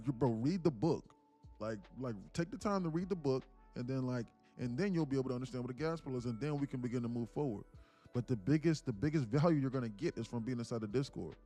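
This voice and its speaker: A man's voice: medium pitch, a little mellow. Slangy, rambling male stream host. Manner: rambling and slangy, with many restarts. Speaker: trading mentor and stream host. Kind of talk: casual live-stream talk.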